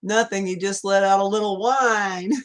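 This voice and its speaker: Broadcasting from a home room at night, this Southern-accented woman keeps her livestream casual and meandering, reading comments aloud and laughing often. Her mid-range voice holds a steady tone at normal speed.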